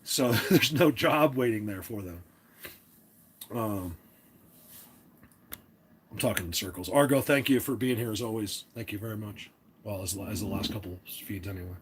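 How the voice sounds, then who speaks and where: A man's voice: fairly low pitch, moderate pace, pauses often, noisy background. A man hosting a casual livestream, talking to his chat in an opinionated, rambling way with many restarts. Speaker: livestream host.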